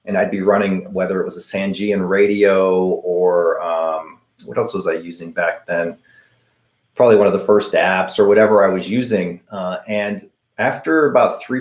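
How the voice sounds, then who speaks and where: A middle-aged man hosts a live question-and-answer stream and answers in a chatty, story-driven way. His voice sits a bit low, and he acts out the voices he quotes. The room around him is echoey. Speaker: host of a paranormal channel answering viewer questions.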